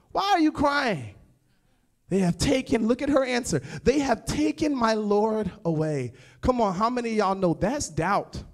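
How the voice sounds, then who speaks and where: A man preaching a sermon as pastor, with an American accent, moving from hushed asides to shouted, sing-song passages and calling out to the congregation. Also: a little high. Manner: addresses the congregation directly with call-outs. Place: church sanctuary.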